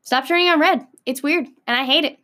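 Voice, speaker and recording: An American woman with a slightly high voice talks in a loose, rambling vlog rant, leaning on "like" at every turn. She is blunt and sassy and swears without a second thought. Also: a little fast, sharp tone. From United States. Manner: filler-heavy, frequent "like". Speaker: vlogger. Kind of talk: casual ranting monologue.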